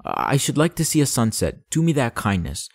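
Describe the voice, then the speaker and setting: A man's voice: mid-range voice, huge pitch swings, normal speed, gravelly, no echo, clean studio sound, voice pushed up, exaggerated voice. A man voicing a timid boy prince. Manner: timid, polite. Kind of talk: audiobook character voice.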